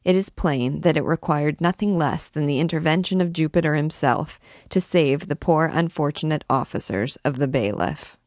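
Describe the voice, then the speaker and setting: A woman reading a classic novel aloud, measured and expressive, lifting her voice for quoted shouts. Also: deep voice, no echo, clean studio sound. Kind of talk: read-aloud narration.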